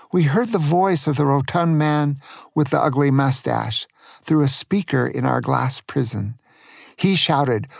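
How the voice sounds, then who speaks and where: An older man narrating a children's adventure story, slowly and often asking the listener questions. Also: on the high side, gravelly, husky, no room sound, clean studio sound. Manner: slow, asks the young listener questions.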